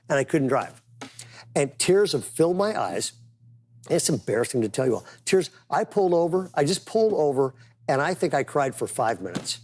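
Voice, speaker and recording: A man's voice: mid-range voice, a little mellow. A man preaching a conversational sermon as pastor, telling stories with casual, emphatic asides.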